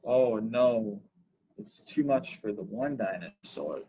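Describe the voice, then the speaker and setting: A man reading picture books aloud at a library story time, slow and unhurried, adding short comments of his own. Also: fairly low pitch, animated, warm tone, slightly rough, dull audio.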